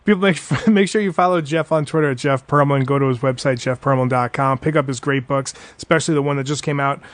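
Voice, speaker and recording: A man hosting a casual podcast interview, upbeat and quick to agree. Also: mid-range voice, dry recording. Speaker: podcast host.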